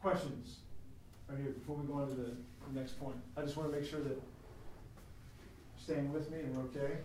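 A man teaching a Christian class in a lecture style that is chatty and animated, with asides, recorded from a distance in a classroom. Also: medium pitch, fairly quick, slight background noise. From United States. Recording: very echoey room, mic at a distance.

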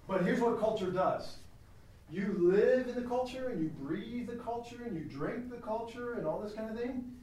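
A man teaching a Christian class in a lecture style that is chatty and animated, with asides, recorded from a distance in a classroom. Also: sits high. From United States. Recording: very echoey room, mic at a distance.

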